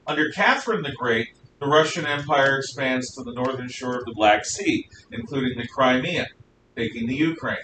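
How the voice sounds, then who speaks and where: Guy giving a history class, rambly with lots of uh's, mic away from him, faint rumble behind. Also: normal speed. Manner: rambling, self-correcting lecture with many fillers. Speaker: history teacher. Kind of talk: classroom lecture. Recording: echoey room, mic at a distance, faint rumble.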